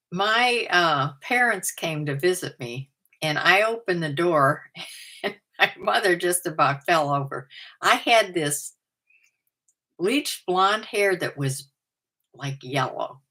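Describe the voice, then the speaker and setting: Slow-talking older woman, chatty vlogger. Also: on the low side, lively intonation, sharp tone. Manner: chatty and self-deprecating, often laughing at herself. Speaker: vlogger and part-time reseller. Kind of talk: casual chat to camera, going through a numbered list. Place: her own house.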